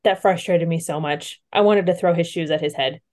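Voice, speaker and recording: A woman's voice: lowish voice, brisk, darkish tone. A woman co-hosting a book podcast, chatting casually and venting with emphasis. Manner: emphatic, vents frustration. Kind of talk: casual chat.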